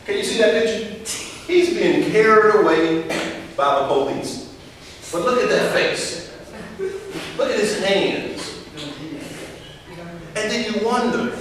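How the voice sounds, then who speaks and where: Male speaker, a little high-voiced, emphatic call-and-response delivery, heard from far off in a roomy hall. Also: lively intonation, a little slow, long pauses, fairly bright tone. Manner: emphatic, repeats key phrases, leads call-and-response. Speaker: speaker teaching young people. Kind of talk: motivational talk to students. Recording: echoey hall from far off, faint hiss.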